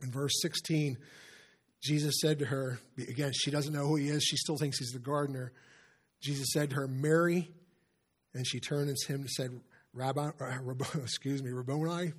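A man preaching a sermon as a visiting preacher, earnest in manner, often clearing his throat and slowing down and softening his voice to stress a point. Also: mid-range voice, fairly even intonation.

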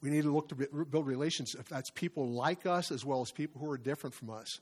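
A man's voice: medium pitch, quick pace, darkish tone. A male pastor preaching a conversational sermon, full of asides and restarts as he reads from scripture and his notes.

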